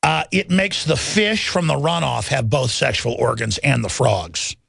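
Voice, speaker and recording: A man's voice: mid-range voice, unhurried, gravelly, fairly bright tone, husky, dry recording. A man hosting a radio talk show in a studio, delivering a rambling, combative monologue and mocking his critics in put-on voices. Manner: combative, mocking, swerves into sneering impressions of critics.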